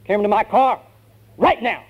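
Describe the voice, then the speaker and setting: Man putting on a mocking Marine sergeant, short barked orders, raised and loud; muffled sermon recording. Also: high-pitched, brisk, voice pushed up, natural voice. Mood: barking orders. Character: gruff male Marine drill sergeant, bossy, mocking. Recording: dull lo-fi sermon recording, faint hum.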